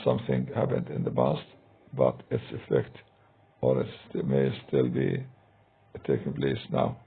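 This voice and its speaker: A man teaching English grammar in a recorded lesson, talking slowly and hesitantly with many fillers, with a deep gravelly husky voice. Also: steady tone. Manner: slow, hesitant, many "uh" and "I mean". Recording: tinny phone-like recording.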